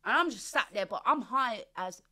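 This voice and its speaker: A woman tells her story as an interview guest, in a fairly high, bright, ringing voice. She talks in quick, slangy bursts and acts out the voices of the people she quotes. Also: animated. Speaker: podcast guest.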